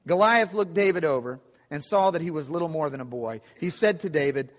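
A man's voice: fairly high pitch, fairly quick, few pauses. A man preaching a sermon, retelling a scripture story in a conversational way with vivid asides. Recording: echoey hall.

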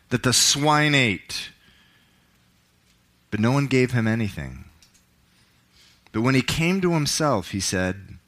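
A man, a pastor, preaching a sermon in church, reading scripture with dramatic swells and hushed drops. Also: medium pitch. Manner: dramatic, swells up on key words and drops to a hush.

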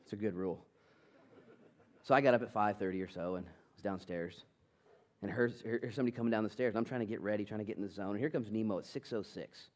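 A middle-aged man preaching a sermon as pastor, swinging from loud emphasis to soft, intimate tones. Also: lowish voice, quick pace. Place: church sanctuary.

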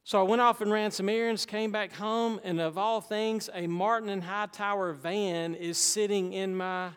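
Preacher guy, higher voice, big echoey church hall, emphatic with folksy asides. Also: smooth. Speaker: pastor. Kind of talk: sermon. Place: church sanctuary. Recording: long hall reverb.

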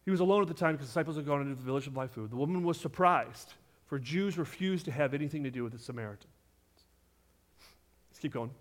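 Animated preacher man, slightly high voice. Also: fast talker. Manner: animated, questions the congregation directly; swings between loud emphasis and hushed asides. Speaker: pastor. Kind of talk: sermon.

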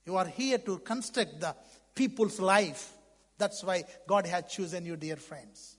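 A man preaching a sermon in English that is not his first language, fervent, swinging between loud outbursts and hushed lines. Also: extremely high pitch, moderate pace. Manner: non-native English phrasing. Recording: long reverb of a large hall.

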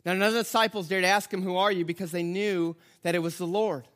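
High, bright-voiced man preaching. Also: quick pace. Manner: animated storytelling, acting out the characters; conversational, stops and restarts mid-sentence. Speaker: pastor. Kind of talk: sermon.

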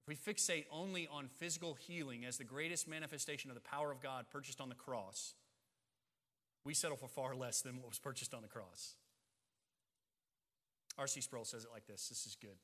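A man's voice: mid-range voice, a little fast, sharp tone, big-room sound. A man preaching a sermon as a pastor, building intensity through emphatic repetition and rising phrases.

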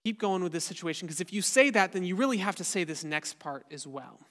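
A pastor preaching a sermon to his church, earnest and often dropping softly at the end of a point. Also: sits high, lively intonation, a little fast, hardly any pauses, big-room sound. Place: church sanctuary.

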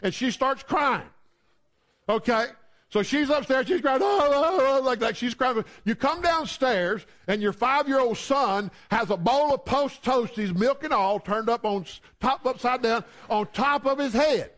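Male preacher, high voice, chatty storytelling sermon style. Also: a little slow, fairly bright tone. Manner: conversational, storytelling with humor.

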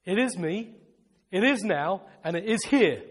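Man, preacher, fervent sermon, repeats phrases, very high pitch, long hall reverb. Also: unhurried, slightly rough. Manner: fervent, repeats phrases, shouts when excited.

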